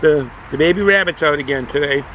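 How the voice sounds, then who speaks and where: A man giving a casual beer review outdoors, pausing and searching for his words. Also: on the high side, background noise. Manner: halting, searching for words, fillers.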